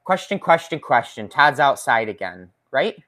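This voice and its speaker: A man's voice: medium pitch, very animated, moderate pace, bright, forceful tone. A man hosting a casual live stream who chats with viewers, reads their comments aloud and laughs often, his injured hand in a splint. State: recovering from a finger injury, in a splint. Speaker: woodworking channel host. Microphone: desk microphone.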